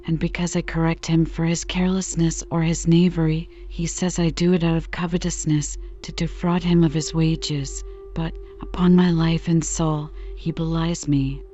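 A woman voicing a sly male country farmer who speaks submissively, in a soft bedtime reading. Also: low-pitched, level tone, normal speed, few pauses, lo-fi sound, faint music behind, close to an everyday voice. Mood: wheedling. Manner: submissive, wheedling.

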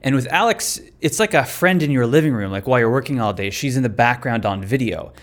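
An articulate man co-hosting a podcast in casual chat. His pitch sits mid-range, and he lays out his reasoning in clear, steady steps. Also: quick pace. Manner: articulate, assessing and complimentary. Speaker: podcast co-host.

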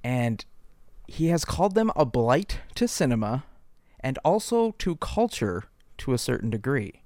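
A man co-hosting a casual comedic chat, cutting in with quick jokes and references. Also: medium pitch, sing-song, darkish tone, no room sound, clean studio sound. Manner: quick joking interjections. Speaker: podcast co-host.

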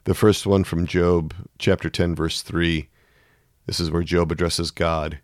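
A man giving a sermon, reading scripture passages aloud with rising anguished intensity between calmer explanations. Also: deep voice, a little slow, no echo, clean studio sound. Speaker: preacher.

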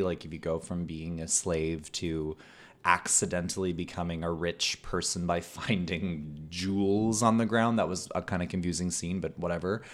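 A man hosting a podcast, talking casually about a film with many "um"s and "like"s and frequent laughter. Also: deep voice. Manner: halting, many fillers, laughs often. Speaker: podcast host.

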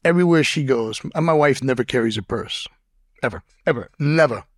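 A man in a podcast interview tells stories in a blunt, cursing way and trips over his restarts as he goes. His voice sits at a middle pitch. The sound is dry and close to the mic. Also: a little fast, no room sound. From Boston. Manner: profane, blunt storyteller with frequent stammered restarts. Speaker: podcast guest. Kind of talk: casual interview storytelling.

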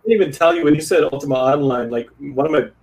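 A man from Texas hosting a podcast in loose, casual conversation. He talks in an excitable, joking way, full of fillers and quick asides. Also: on the high side, a crowd in the background, rough recording. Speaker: podcast host. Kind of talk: casual interview chat.

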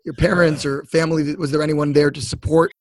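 A man's voice: on the high side, level tone, brisk, dry recording. A man hosting an interview podcast, upbeat and friendly as he asks questions. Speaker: podcast host.

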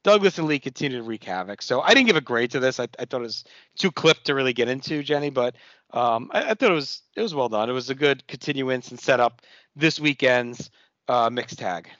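Bright-voiced man recapping, dull sound. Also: mid-range voice, fairly quick, no echo. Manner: relaxed recap, swears freely. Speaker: podcast co-host. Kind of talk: casual chat recapping wrestling shows.

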